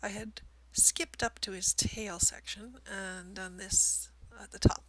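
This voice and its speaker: A woman chatting casually as she shows her cross stitch progress. She is self-deprecating and often drops into soft near-whispers. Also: mid-range voice, steady tone, takes it slowly, low-quality recording. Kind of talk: casual show-and-tell narration.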